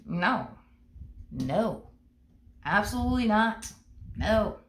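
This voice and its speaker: A woman's voice: medium pitch, very animated, takes it slowly, a bit bright, slight background noise. A woman giving a casual tarot reading, blunt and emphatic, repeating her points and swearing freely. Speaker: tarot reader. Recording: roomy echo.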